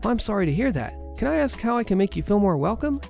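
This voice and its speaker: A courteous, apologetic receptionist, voiced by a man narrating a story, her lines lifted higher than his usual voice and lively in pitch. A gravelly edge remains, and faint music plays underneath. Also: fast talker, exaggerated voice. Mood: polite. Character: polite, apologetic young woman receptionist.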